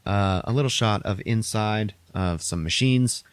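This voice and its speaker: A man's voice: on the low side, measured pace, smooth, no echo. A man casually recapping a movie on a podcast, rambling and profane, acting out characters' lines in a raised voice.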